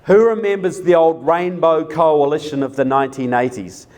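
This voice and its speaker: A man's voice: a little high, steady tone, normal speed, darkish tone. Emphatic man giving a political talk. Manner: emphatic, repeats key words, asks the audience questions. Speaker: political speaker. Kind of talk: live presentation to an audience.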